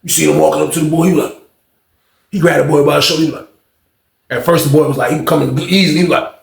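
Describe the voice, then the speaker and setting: Casual male storyteller, high-pitched, slang-heavy and profane, in an echoey room. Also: racing, creaky, long pauses, a little hiss or hum. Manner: slangy, animated, profane, lots of fillers.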